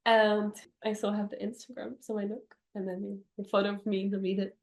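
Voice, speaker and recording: A young woman co-hosting a podcast, telling a dating story with dramatic pauses in casual chat. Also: mid-range voice, level tone. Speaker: podcast co-host. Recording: roomy echo.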